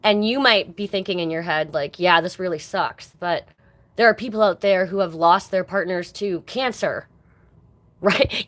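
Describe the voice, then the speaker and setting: A woman's voice: mid-range voice, fairly bright tone. A woman giving a casual live-stream card reading, chatting with viewers in an affectionate way. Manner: chatty and affectionate, chats with viewers and calls them baby. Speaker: tarot card reader.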